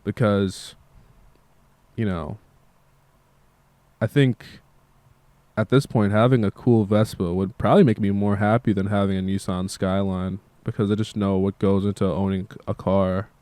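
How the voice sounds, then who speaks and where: A man's voice: fairly low pitch, steady tone, a little slow, pauses often, dark tone, dry recording. A tired young man who makes music, talking in a meandering casual monologue and swearing freely. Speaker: musician vlogger.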